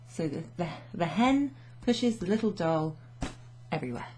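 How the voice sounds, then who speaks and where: With a lowish, mellow, husky voice and lively intonation, a young woman teaches French at a moderate pace. It's a casual lesson recorded at her standing desk in her home office, full of laughter and English mixed with French.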